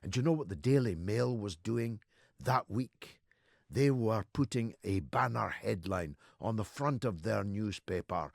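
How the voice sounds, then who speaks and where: A host in his sixties delivers a political monologue with a gravelly voice and wildly swinging pitch. He speaks slowly, stretches key words for emphasis and builds through repetition. The studio sound is close and dry. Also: lively intonation, dry recording. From Scotland. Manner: oratorical, swings between low murmurs and loud rising declamations. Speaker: radio talk show host.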